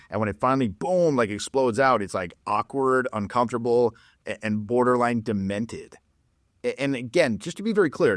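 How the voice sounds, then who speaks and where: A man's voice: medium pitch, no echo, clean studio sound. A man coaching on dating in a blunt, profane, casual monologue, telling stories with laughs and mocking others in put-on voices.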